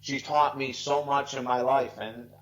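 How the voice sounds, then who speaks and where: The audio is muffled, but the voice is a man's at medium pitch, steady and a little slow. He's a life coach in his sixties telling stories on a video call, so earnest and moved that he's near tears, speaking with heartfelt emphasis.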